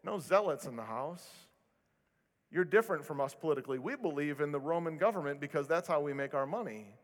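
A man's voice: on the high side, animated, long reverb tail, natural voice. A man voicing a snobbish rich Roman host. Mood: haughty. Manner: condescending, slow and hushed. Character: snobbish wealthy Roman male banquet host.

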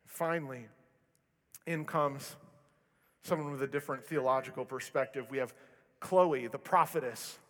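A male pastor preaching a sermon, telling stories with animated delivery and self-deprecating humor. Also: mid-range voice, moderate pace, pauses often. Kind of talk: sermon with storytelling. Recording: long reverb of a large hall.

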